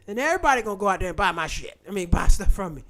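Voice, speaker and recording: A man's voice: high voice, rapid-fire. A man hosting a casual livestream, talking bluntly and with lots of profanity. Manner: blunt, profane, animated storytelling. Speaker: channel host.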